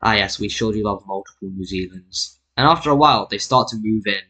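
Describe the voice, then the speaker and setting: Talking fairly quickly in a lowish, sharp voice, this British man rambles over a screen recording of a map being drawn, fixing his own slips and cracking jokes along the way. Audio quality is poor.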